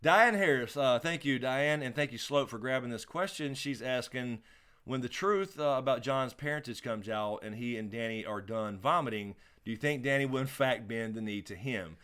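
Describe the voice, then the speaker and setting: A man's voice: medium pitch, moderate pace, a bit bright, smooth. A man co-hosting a casual live question-and-answer stream, laid-back, laughing often and swearing freely. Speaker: livestream co-host.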